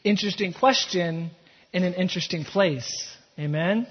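A man's voice: high voice, normal speed, husky. A man preaching a sermon as pastor, telling the scene like a story and building to impassioned emphasis. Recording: echoey hall, dull lo-fi sound.

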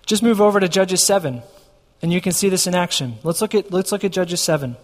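A man's voice: high-pitched, brisk, big-room sound. A man preaching a sermon as a pastor, telling a story and acting out his own dialogue with God.

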